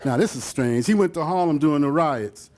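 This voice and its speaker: Fairly quick and expressive, an older man's somewhat high, slightly mellow voice carries a casual slideshow talk. The photographer meanders through the stories behind his images for a live audience, with plenty of fillers and asides, imitating other voices when he quotes.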